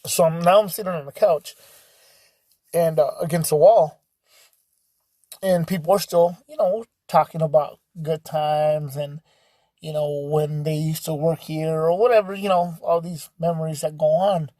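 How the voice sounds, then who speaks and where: Mellow man rambling through a story. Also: fairly high pitch, fairly even intonation, measured pace, no echo. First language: bilingual English and Spanish speaker. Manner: rambling, full of "you know" fillers. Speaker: podcast storyteller. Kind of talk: casual spoken storytelling.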